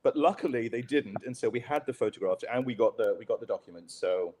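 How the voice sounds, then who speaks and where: A man's voice: mid-range voice, animated, fast, dark tone, a little hiss or hum. A journalist man telling a candid, self-deprecating story as a podcast guest. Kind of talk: conversational storytelling.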